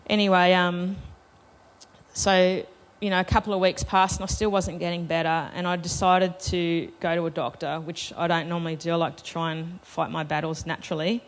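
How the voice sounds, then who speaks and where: A woman's voice: lowish voice, flat delivery, brisk. A woman telling a personal story to a live festival audience, chatty and self-deprecating, laughing between lines. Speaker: festival panel speaker.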